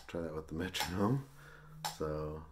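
A man teaching a music lesson, explaining rhythm syllables in a relaxed, chatty way with small laughs. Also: extremely low pitch, a little slow, noisy background.

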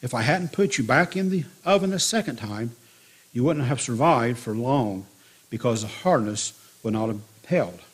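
Man doing a calm gentle potter, soft and quiet, a bit husky. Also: medium pitch, normal speed. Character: patient, gentle old male potter.

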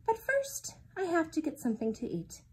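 A woman voicing a gentle, honey-loving male teddy bear in a storybook read-aloud, with plaintive, drawn-out lines. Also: very high voice, wildly swooping pitch, voice pushed up, full character voice. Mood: wistful.

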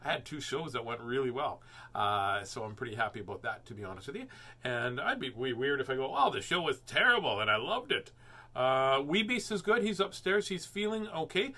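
Brisk and lively, a man with a mid-range voice and a bright, forceful tone reads a children's book aloud to a live audience. Between pages he rambles and jokes, sprinkling in silly sounds and frequent fillers.

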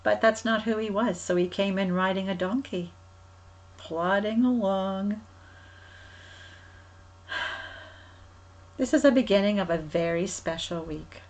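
A woman who coordinates a church's children's ministry tells a Bible story to children. She talks gently and often asks them questions directly. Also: medium pitch, brisk, few pauses, poor audio.

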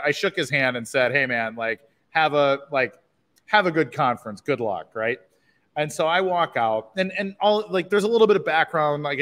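A man hosting a livestream, telling a story in a casual, animated way, laughing often and restarting his sentences. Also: medium pitch, in a large hall. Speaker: livestream host.

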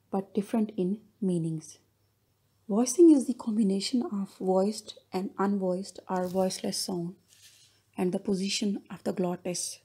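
Mellow, husky-voiced woman lecturing. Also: mid-range voice. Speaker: linguistics lecturer. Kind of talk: recorded lecture narration over slides.

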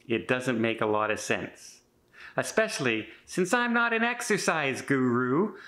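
A man's voice: mid-range voice, very animated, a little slow, bright, forceful tone. A man in his fifties talking in a casual vlog, chatty and rambling with many restarts, earnest and a bit defensive. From Canada. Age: 50s. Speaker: vlogger.

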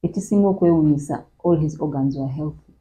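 Low-voiced Ugandan woman telling a story. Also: fast talker, mellow, poor audio. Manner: switches between Luganda and English, conversational. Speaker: interview guest. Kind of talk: personal storytelling in interview.

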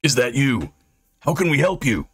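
A cautious, earnest adventurer from a fantasy audiobook, read by a man narrator. His voice is only a touch above the narrator's own, husky and urgent. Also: medium pitch, big pitch swings, moderate pace, no room sound, pitched above the performer's own voice. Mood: calling out. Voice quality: urgent, firm.

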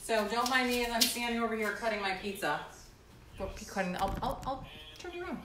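A woman in her thirties hosts a casual live stream from the kitchen of her condo, rambling chattily and saying "like" constantly. Her voice is fairly high, a little fast and a bit bright. The room echoes, with slight background noise.

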